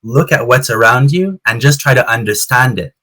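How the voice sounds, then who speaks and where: A man's voice: mid-range voice, animated, moderate pace, bright, forceful tone. A man chatting as an interview guest over a video call, telling stories with easy laughs and repeated words. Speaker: interview guest, clan society founder. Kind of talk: casual storytelling interview. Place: home in Canada.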